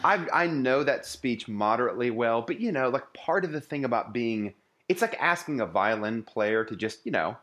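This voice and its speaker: A man's voice: medium pitch, expressive, moderate pace, a bit bright, slight background noise. A man co-hosting a casual book club podcast, wry and thoughtful.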